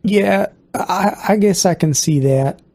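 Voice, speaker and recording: A polite, cautious frontier barkeep who keeps tripping over his words in a slightly raised, gravelly voice, as a game master puts him on. He speaks with a put-on Southern accent in a tabletop game. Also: slow pace, dark tone. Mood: hesitant. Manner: hesitant, stumbling, raised pitch. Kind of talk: tabletop role-play.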